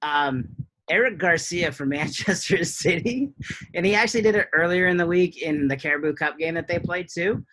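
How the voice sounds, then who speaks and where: Higher, bright-voiced man telling a story. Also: moderate pace, low-quality recording. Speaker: podcast co-host. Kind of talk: casual podcast chat.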